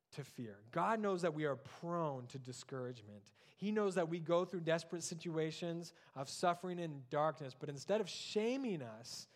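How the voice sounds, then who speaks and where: A man in his thirties preaching a sermon as pastor, often dropping soft and low on key words.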